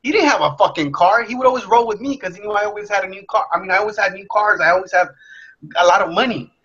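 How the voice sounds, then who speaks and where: A young man telling a candid personal story in a blunt, profane, animated way. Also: sits high, quick pace, husky. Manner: profane, blunt, animated, acts out his past self. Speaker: motivational speaker. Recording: dull lo-fi sound.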